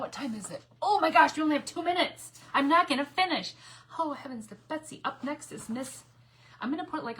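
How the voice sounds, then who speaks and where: A woman's voice: on the high side, fairly bright tone, slightly rough. Chatty woman hosting a craft livestream. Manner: chatty and rambling, reads out viewer comments while working; frequent self-corrections and repeated phrases. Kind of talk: casual craft livestream chat.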